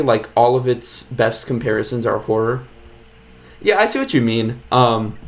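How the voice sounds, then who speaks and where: A man's voice: medium pitch, a little hiss or hum. A man streaming a video game, chatting casually with viewers in a laid-back, filler-heavy way. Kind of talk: casual live-stream commentary.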